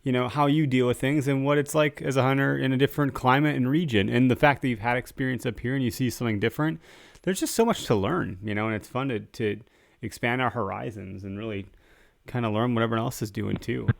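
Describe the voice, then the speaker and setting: A man hosts a live stream in a cheerful, joking way, chatting easily with his guest. His voice sits in an ordinary middle pitch. The sound is dry and close, with no room echo. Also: fast, gravelly. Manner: upbeat, jokey interviewer who laughs often. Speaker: show host. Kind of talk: casual live-stream conversation.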